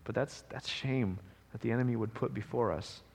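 A man's voice: mid-range voice, normal speed, vocal fry, a little mellow, breathy edge, in a large hall. A man pastor preaching a sermon in a conversational way, often checking in with the congregation. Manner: conversational preaching, frequent "right?" asides.

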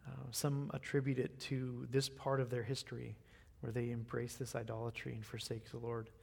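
An American man giving an evening sermon and closing prayer, in an unhurried, earnest way that often repeats words. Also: medium pitch, little pitch movement, gravelly, darkish tone, slightly rough. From United States. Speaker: preacher. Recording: long reverb of a hall.

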